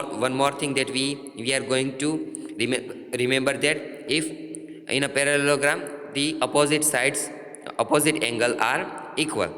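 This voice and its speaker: A man with an Indian English accent teaching a maths lesson, halting and repeating himself with many fillers. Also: mid-range voice, sharp tone. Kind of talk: classroom lesson. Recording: roomy echo, long reverb.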